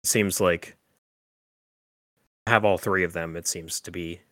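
Low-voiced man rambling through a recap. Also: fairly even intonation, unhurried, fairly bright tone, dry recording. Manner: rambling, filler-heavy with frequent "like" and "um". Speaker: podcast host. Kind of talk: casual chat recapping a horror film.

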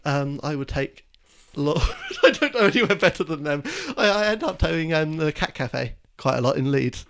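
Man from England, podcast co-host, a bit high-pitched, hesitant, stammering, self-deprecating. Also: sing-song, normal speed, gravelly, a bit bright, slight background noise. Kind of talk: casual film podcast chat.

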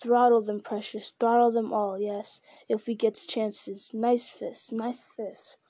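A woman's voice: a little high, level tone, slow, mellow, no room sound. Gollum, a hissing wretched creature, put on by a woman. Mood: muttering, greedy. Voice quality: hissing, whispery. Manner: muttering to himself, wheedling. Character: wretched hissing male creature, greedy and sly. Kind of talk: audiobook narration.

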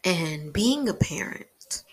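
A woman's voice: on the low side, animated, takes it slowly, husky. A woman talking frankly in a rambling personal vlog about parenting and communication, swearing casually. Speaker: parent vlogger.

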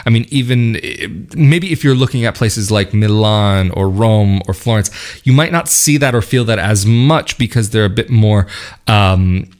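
A man's voice: lowish voice, moderate pace, a little mellow. A man talking casually to camera, thoughtful and rambling, laughing now and then and restarting his sentences. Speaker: vlogger. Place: lives in northern Italy near Venice.

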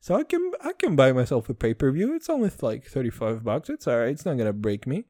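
Profane, rambling young podcast host. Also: male voice, fast, dry recording, clean studio sound. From Israel. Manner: rambling, profane, animated with pitch jumps. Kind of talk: casual solo podcast rant.

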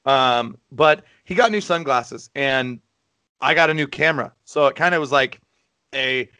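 A man of ordinary pitch hosting a loose podcast, brash and mocking, with swearing all through. His voice sounds dry and close, with no room around it. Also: unhurried, sharp tone, clear, resonant tone, no room sound. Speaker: podcast host. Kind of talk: casual banter.

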